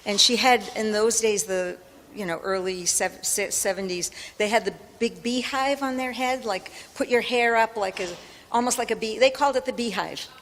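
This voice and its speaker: A woman's voice: on the high side, moderate pace, a bit bright. An older woman telling a personal story on a panel, chatty with many ums, laughing as she goes. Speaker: panel speaker. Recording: reverberant hall with faint noise.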